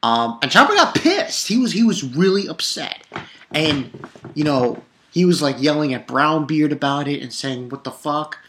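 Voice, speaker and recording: A man's voice: a little high, big pitch swings, moderate pace, bright, forceful tone, a little hiss or hum. A young man casually recapping a cartoon episode, rambling and swearing, with lots of fillers and restarts. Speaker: anime episode reviewer.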